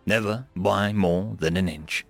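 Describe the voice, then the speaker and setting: Gravelly male audiobook narrator. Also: low-pitched, unhurried, dry recording, soft background music. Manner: steady storytelling, voicing each character.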